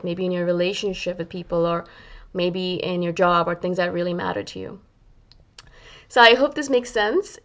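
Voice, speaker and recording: A woman vlogger talking casually to her viewers, chatty and animated, often adding "right?" and "you know", and acting out the voices in her head. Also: on the low side. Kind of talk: casual talk to camera.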